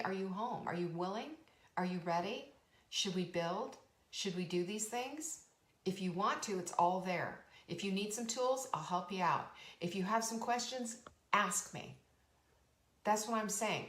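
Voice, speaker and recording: A woman's voice: medium pitch, a bit bright, reverberant. A woman hosting a motivational talk as a coach, speaking emphatically and earnestly with lots of repetition. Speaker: podcast host and coach.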